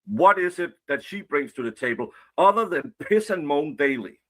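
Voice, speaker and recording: A man rants angrily in a played clip, swearing and confronting his critics. His voice is bright and edgy, set a little high for a man. He talks at his critics head-on. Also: animated, normal speed. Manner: angry, profane and confrontational. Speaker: online commentator. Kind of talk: angry rant.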